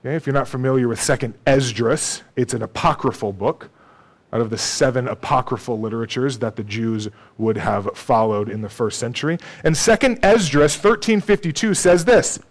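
A man's voice: mid-range voice, normal speed. A man preaching a sermon in a conversational way, often checking in with "okay?" and "right?".

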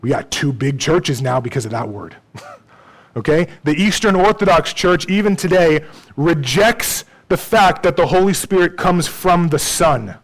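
Conversational preacher man, slightly high voice. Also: a little slow, low-quality recording. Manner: conversational, with frequent check-ins to the congregation; dry, self-deprecating humor. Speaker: pastor. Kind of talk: sermon.

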